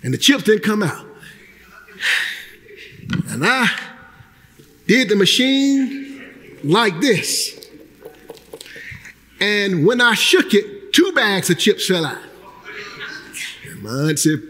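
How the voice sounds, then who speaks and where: High-voiced man preaching in a reverberant hall. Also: expressive, slow, pauses often. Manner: preaching with shouted emphasis and acted-out quotes. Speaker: pastor. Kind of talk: sermon.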